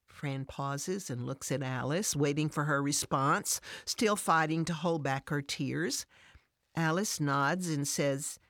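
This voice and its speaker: Low-voiced woman narrating a story. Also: takes it slowly, a bit bright, dry recording, studio quality. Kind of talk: scripted devotional story narration.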